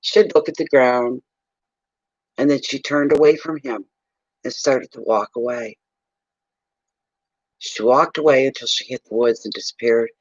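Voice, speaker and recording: A man from eastern Canada who reads for clients, telling a rambling, animated story in a casual livestream chat. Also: medium pitch, dry recording, highs cut off. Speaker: psychic reader telling a story.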